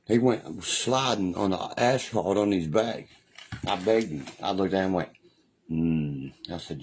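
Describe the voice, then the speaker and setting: A young West Virginia man with a very low, deep voice rants on a livestream, boastful and full of curses. His accent is broad and country, and he keeps checking in with "you know what I mean". A faint hiss of noise sits under the recording. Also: normal speed, a little mellow. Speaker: live streamer. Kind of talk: casual ranting livestream.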